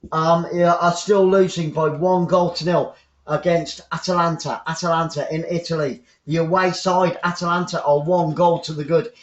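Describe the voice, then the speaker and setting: A man's voice: a little high, steady tone, normal speed. An English man giving chatty live football commentary for an online stream, repeating his phrases and rambling into asides. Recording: roomy, dull lo-fi sound.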